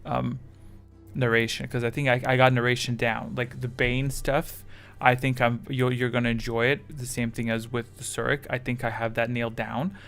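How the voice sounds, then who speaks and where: A man's voice: medium pitch, level tone, moderate pace, a bit bright, soft background music. A man chatting casually with his live chat as a streamer, rambling and self-deprecating, with English that is not his first language.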